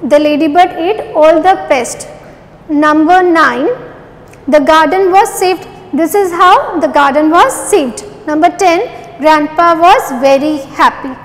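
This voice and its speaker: A woman's voice: very high voice, long reverb tail, low-quality recording. A woman teacher revising a lesson with young children, spelling words out letter by letter and repeating each answer. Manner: asks questions then repeats the answers.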